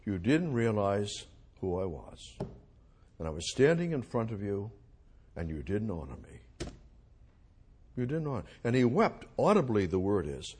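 A man preaching an expository sermon, reading scripture aloud and moving between hushed, slow phrases and loud emphatic lines. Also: fairly low pitch, big pitch swings, slightly rough.

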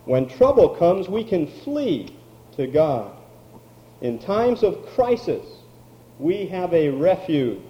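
A man preaching a sermon, slow and emphatic, drawing out key words. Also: on the high side, very animated, highs cut off. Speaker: pastor.

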